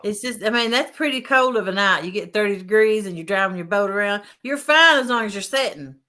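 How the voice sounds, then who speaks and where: A woman's voice: medium pitch, lively intonation, a little fast, bright, forceful tone. A woman hosting a casual fishing livestream, reading out chat names and greeting viewers. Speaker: livestream host.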